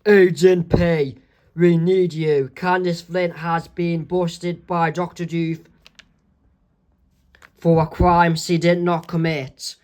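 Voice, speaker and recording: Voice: medium pitch, slow, close to an everyday voice. A reader doing a stern spy chief. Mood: plain. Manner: read flatly from a comic strip. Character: stern spy chief man giving orders.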